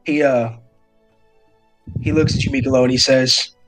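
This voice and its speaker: A man running a tabletop game as game master, narrating the scene at an ordinary, middling pitch. He stumbles and restarts his phrases often. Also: steady tone, moderate pace, soft background music.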